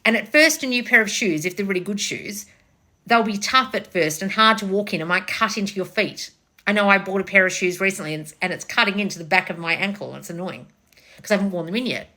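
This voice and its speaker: A woman's voice: medium pitch, fast talker, bright, forceful tone. A woman giving a blunt, casual motivational talk, swearing freely as she coaches viewers. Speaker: manifestation coach.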